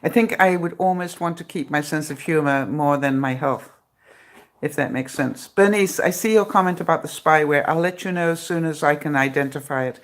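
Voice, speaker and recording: A woman's voice: low voice, fairly quick. A middle-aged woman chatting on a live stream from her phone, laughing often and joking with a sarcastic edge. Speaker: vlogger hosting a live broadcast. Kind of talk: casual live-stream chat.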